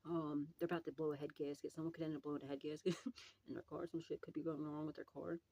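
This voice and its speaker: A woman's voice: sits low, little pitch movement, quick pace, mellow, a little hiss or hum, poor audio. A woman doing a casual psychic tarot reading, swearing freely, rambling and laughing often.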